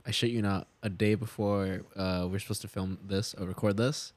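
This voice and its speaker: A man's voice: on the low side, fairly even intonation, moderate pace. A man co-hosting a casual podcast chat, rambling through stories with lots of filler words. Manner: rambling storyteller, full of "like" and "um". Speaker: podcast co-host.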